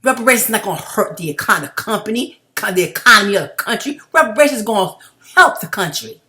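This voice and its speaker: Fiery, bright-voiced woman ranting to viewers. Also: mid-range voice, expressive, fairly quick. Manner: heated, blunt and profane, addressing viewers as family. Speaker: video blogger. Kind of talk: impassioned commentary rant.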